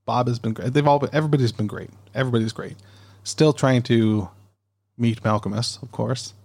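A man's voice: medium pitch, fairly even intonation, brisk, vocal fry, a little mellow. A man hosting a podcast in a casual, rambling way, with lots of ums and self-corrections, reading listener emails into a dynamic studio mic. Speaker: podcast host. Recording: home podcast recording.

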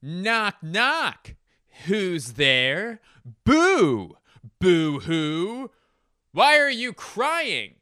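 A man's voice: high-pitched, wildly swooping pitch, very slow, bright, forceful tone, smooth, no room sound, studio quality, voice pushed up, full character voice. A man doing an impression of a boyish, fussy male comedian, with a prim, sing-song stand-up delivery. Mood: mock-earnest.

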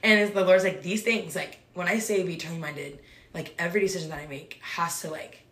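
A woman's voice: on the low side, fast, fairly bright tone. A woman who leads a small group, chatting casually about faith, rambling, filling with "like" and laughing often. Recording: roomy echo.

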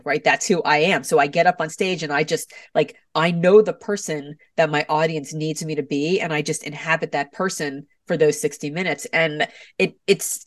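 A woman's voice: low voice, no echo, studio quality, far from the mic. A middle-aged woman, an author and podcast guest, talking animatedly and acting out voices as she tells stories. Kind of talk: podcast interview.

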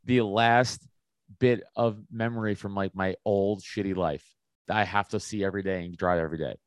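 A man's voice: on the low side, fairly even intonation, normal speed, clear, resonant tone, no room sound. A man, a stand-up comedian, chatting as a podcast guest, blunt and opinionated, often restarting his sentences. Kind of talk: casual podcast chat.

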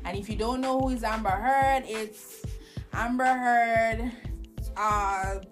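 A woman's voice: on the high side, fairly even intonation, takes it slowly, soft background music. A woman hosting a show. She chats casually with strong opinions and often restarts her sentences. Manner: chatty and opinionated, frequent restarts. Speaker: podcast host reviewing shows. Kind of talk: casual chat.

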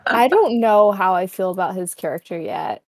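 A woman's voice: mid-range voice, expressive, normal speed, no echo. Hesitant young woman, dry sound. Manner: hesitant, tentative, filler-heavy. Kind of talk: casual chat.

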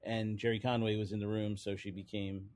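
A man's voice: on the low side, little pitch movement, fairly quick, darkish tone. A man co-hosting a chat show, explaining comic book history and trivia in a casual, slightly hesitant way. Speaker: podcast co-host.

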